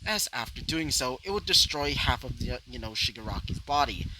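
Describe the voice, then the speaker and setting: A man's voice: mid-range voice, expressive, normal speed, bright, forceful tone. A man casually narrating a fan story, rambling with many fillers and asides. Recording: noisy home recording.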